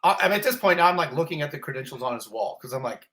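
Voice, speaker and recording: A middle-aged man, a fire captain, telling a story in a casual interview, animated and self-mocking as he acts out what people said. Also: on the high side, racing.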